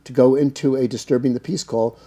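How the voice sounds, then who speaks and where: He talks fast in a warm, steady, medium-pitched voice. As a guest being interviewed, this middle-aged American cannabis business owner drifts through long anecdotes with plenty of fillers, voicing the quoted dialogue himself.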